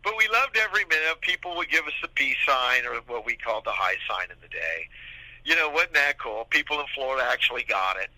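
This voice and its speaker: A man's voice: mid-range voice, fast talker, dry recording, rough recording. A man in his sixties, a podcast guest telling rambling anecdotes and acting out the people he quotes. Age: 60s. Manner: rambling, animated, acts out quoted dialogue. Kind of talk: casual anecdotal storytelling.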